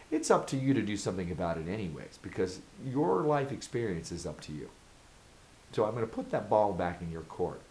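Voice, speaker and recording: A man's voice: lowish voice, a little mellow, poor audio. A man vlogging advice straight to camera, earnest and emphatic, driving his points home with repeated rhetorical questions. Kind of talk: direct-to-camera advice monologue.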